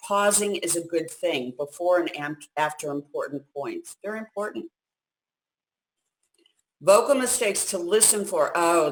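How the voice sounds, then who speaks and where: Lowish-voiced woman coach, energetic and emphatic instructional delivery. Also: slight background noise, rough recording. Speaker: communication coach. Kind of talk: instructional talk.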